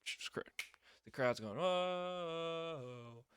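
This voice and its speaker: A young man casually reviewing a wrestling show, rambling with many fillers and getting loud when excited. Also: mid-range voice, a little slow, a little hiss or hum.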